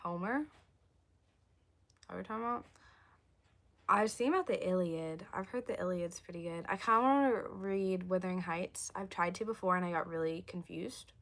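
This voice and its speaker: A woman's voice: lowish voice, normal speed, a bit bright. Chatty young woman losing her voice. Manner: chatty, rambling, reads and answers viewer comments. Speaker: livestreamer. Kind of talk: casual livestream chat.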